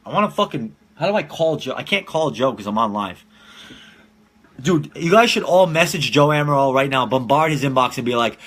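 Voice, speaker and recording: A man's voice: on the high side, a bit bright. A man in his twenties hosting a casual live-streamed podcast from home, telling rambling, profane stories and laughing often. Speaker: podcast host.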